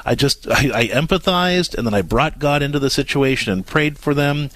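A middle-aged man hosting a call-in parenting advice radio show, talking fast and animated, often repeating words as he starts a thought. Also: mid-range voice, no echo.

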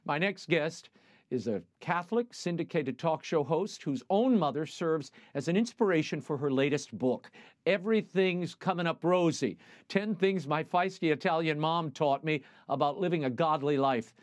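A man hosting a broadcast program, reading the news and interviewing a guest in a measured newsreader manner. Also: fairly high pitch, no echo. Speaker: TV host.

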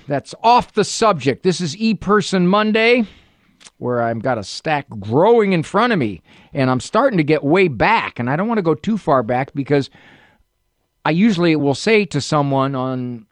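A man's voice: medium pitch, no room sound. A man hosting a psychology call-in radio show from a studio, chatting casually with dry humor and personal anecdotes. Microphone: studio mic.

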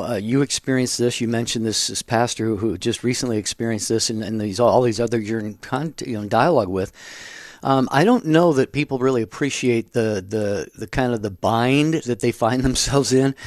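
A man hosting a radio interview, asking long halting questions with fillers. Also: medium pitch, dry recording, studio quality. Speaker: radio host. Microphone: studio microphone.

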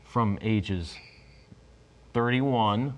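Man telling a story in a lowish voice. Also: a little hiss or hum. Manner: halting, with frequent restarts. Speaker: guest. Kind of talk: casual storytelling.

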